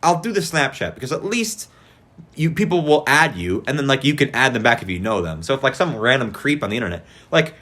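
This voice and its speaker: Animated teenage guy hosting a podcast. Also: medium pitch, a little fast. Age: teens. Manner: excitable, swears a lot, many fillers. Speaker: podcast host. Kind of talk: casual chat.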